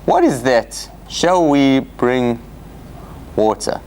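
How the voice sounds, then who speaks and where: A man with a mid-range voice speaks very slowly over slight background noise, teaching a Torah study class as an informal Bible study lecture in a church centre's meeting room. He is animated, acting out quotes in dramatic voices, restarting often, and putting questions to the audience.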